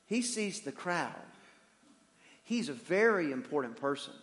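A man preaching a sermon as pastor, animated, swinging from shouting to hushed tones. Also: fairly high pitch, unhurried. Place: church sanctuary. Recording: reverberant church hall.

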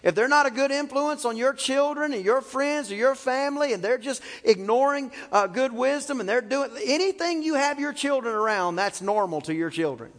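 A man's voice: very high-pitched, lively intonation, normal speed, few pauses, fairly bright tone. A male pastor preaching a fervent, storytelling sermon with frequent exclamations, in a library used for church. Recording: long reverb in a library.

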